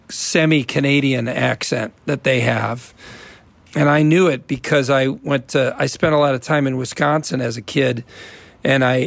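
A man's voice: mid-range voice, vocal fry, dry recording. A man from the American Midwest, an actor guest in a casual interview, rambling and restarting his sentences with amusement.

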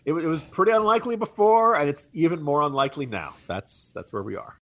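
A man's voice: fairly high pitch, animated, fast, a bit bright. Wry, chatty male political commentator. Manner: wry, chatty, laughs at own jokes, many restarts. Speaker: podcast co-host, political commentator. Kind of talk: casual political chat.

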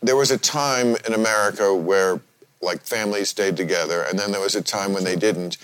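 A man in his sixties hosting a casual chat, wry and a little halting, often breaking into laughter. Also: low voice, a bit bright, smooth. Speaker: podcast host.

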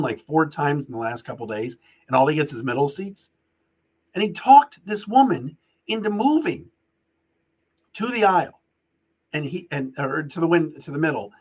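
A middle-aged man hosting a podcast, telling a story in an animated, ranting way. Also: fairly high pitch, husky. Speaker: podcast host. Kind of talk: casual podcast monologue and ad read.

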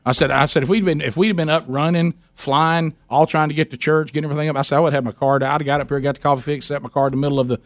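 A man's voice: a little high, rapid-fire, hardly any pauses, no echo, clean studio sound. A man hosting a talk show, telling a long funny family story with lots of restarts and acted-out quotes. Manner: animated storyteller, many restarts, acts out his wife's lines. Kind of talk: casual storytelling chat.

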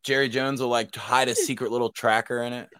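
A man's voice: mid-range voice, fairly even intonation, fairly quick, a bit bright, dry recording, clean studio sound. A man co-hosting a casual sports podcast, crude and joking. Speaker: podcast co-host.

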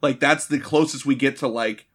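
A man's voice: mid-range voice, fairly even intonation, moderate pace, fairly bright tone. A man in casual movie-review chat, sarcastic and profane, mockingly acting out characters. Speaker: podcast co-host.

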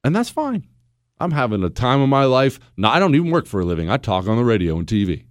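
Blunt, lively-pitched male radio host. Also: fast talker, dry recording, studio quality. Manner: blunt, sarcastic, animated. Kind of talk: talk radio monologue. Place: radio studio. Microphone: studio microphone.

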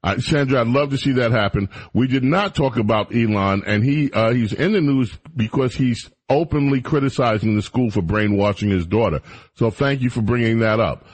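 A man with a Southern American accent hosting a call-in radio show, moving callers along quickly. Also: medium pitch. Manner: brisk, urging callers to be quick. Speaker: radio talk show host.

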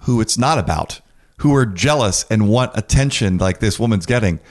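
A man with a low voice hosts a relaxed conversation. He breaks in with dry, teasing remarks and quick questions. His delivery stays casual throughout. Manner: wry, teasing interjections. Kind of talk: casual chat.

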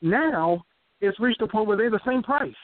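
A man's voice: sits high, animated, moderate pace, no echo. Guy cohosting a podcast, joking, reading questions, sounds like a phone line. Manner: joking, reads listener questions aloud. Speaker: podcast co-host. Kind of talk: casual podcast chat.

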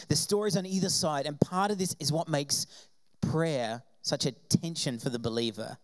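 A high-voiced man from Australia preaches to a church congregation. He tells personal stories in a lively way and plays out the voices of the people in them. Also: normal speed. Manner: animated storytelling, acting out quoted voices. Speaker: pastor.

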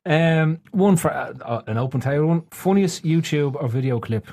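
A man hosting a podcast and reading out listener questions in loose, quick banter. His voice sits a touch higher than most men's. He is boisterous and often bursts into shouting laughter. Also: lively intonation. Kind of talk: casual banter.

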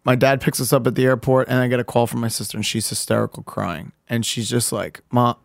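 A man on a podcast recounting a painful family story in a halting, candid way, restarting sentences and swearing casually. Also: mid-range voice, fairly even intonation, creaky, dry recording, clean studio sound. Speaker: podcast co-host.

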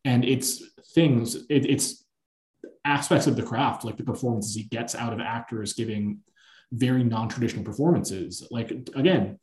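A man hosting a podcast, chatting casually about films and telling long, animated anecdotes. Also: mid-range voice, moderate pace. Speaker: podcast host. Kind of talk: casual film-discussion chat. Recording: echoey room.

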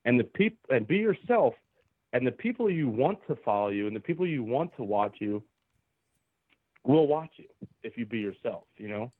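A man's voice: mid-range voice, sing-song, moderate pace, no room sound. A man from Southeast Pennsylvania chatting as a podcast guest, earnest and rambling, circling back through restarts. His voice sits mid-range and comes through a thin, phone-like line with a dry, close sound. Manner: earnest, rambling, many restarts and "you know"s. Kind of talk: casual chat. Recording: tinny phone-like call line.

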